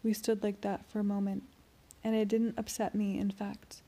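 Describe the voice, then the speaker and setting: A woman reads a novel aloud in the first person, keeping her delivery soft and even. Her lines sometimes sink almost to a whisper. Her voice is mellow, gravelly and a little husky. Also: mid-range voice, moderate pace. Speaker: audiobook reader. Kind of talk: amateur first-person audiobook narration.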